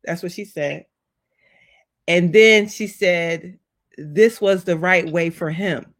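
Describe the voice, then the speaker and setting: A woman in her forties telling personal stories in a casual, heartfelt conversation, acting out what people said with big pitch jumps. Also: takes it slowly. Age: 40s. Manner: animated storyteller, acts out voices with big pitch jumps.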